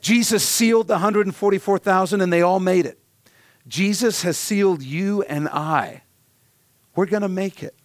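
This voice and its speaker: A male pastor preaches with earnest conviction, leaning on repetition for emphasis. His voice sits a little high for a man. The sound is dry and close, with no room echo. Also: normal speed. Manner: earnest preaching, emphatic repetition, dropping to a soft hush at times. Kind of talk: sermon.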